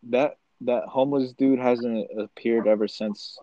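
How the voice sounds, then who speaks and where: Young man telling a relaxed story. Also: mid-range voice, a little slow, no echo, highs cut off. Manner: relaxed storytelling with many "like" fillers. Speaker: podcast co-host. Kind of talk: casual chat.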